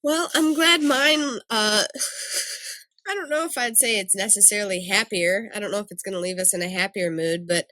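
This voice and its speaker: A woman's voice: medium pitch, moderate pace, pushed and bright, no room sound. A woman co-hosting a podcast, reacting and chatting candidly. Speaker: podcast co-host. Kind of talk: casual chat.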